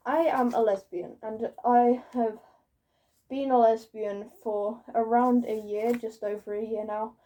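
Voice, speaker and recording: A young woman talks straight to camera in a loose, rambling vlog, often laughing at herself and swearing as she goes. Her voice sits a little high, with a soft, mellow tone. She is a bit far from the mic. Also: steady tone, measured pace. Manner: rambling, self-mocking, swears casually. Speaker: YouTuber. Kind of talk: casual vlog monologue.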